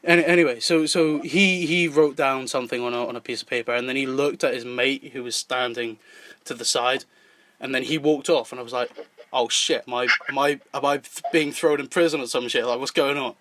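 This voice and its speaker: A man's voice: mid-range voice, steady tone, a little fast, fairly bright tone, a little hiss or hum. A man with a mild Scottish accent, hosting a podcast and telling a story in casual chat, swearing and laughing as he goes. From Scotland. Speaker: podcast host.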